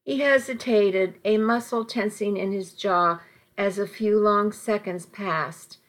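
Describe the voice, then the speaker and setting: Woman narrator for a first-person audiobook; slow, measured, quietly tense read. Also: medium pitch, fairly even intonation.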